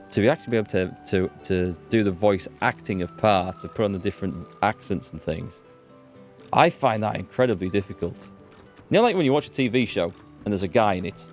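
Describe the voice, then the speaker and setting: An English man rambling through casual let's play commentary as a gaming host. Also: low-pitched. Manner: rambling, chatty, restarts often. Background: faint game music.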